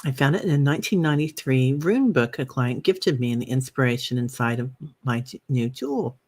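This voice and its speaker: A woman hosting a live meditation stream. She chats with viewers, reads out their comments with plenty of fillers, and guides the breathing with soft, slow cues. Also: rumbling low, animated. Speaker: meditation host.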